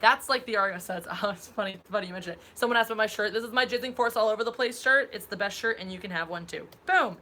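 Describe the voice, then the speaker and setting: A young woman from Philadelphia, co-hosting a casual livestream chat with animated, sarcastic asides. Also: mid-range voice, very fast, few pauses. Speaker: podcast co-host.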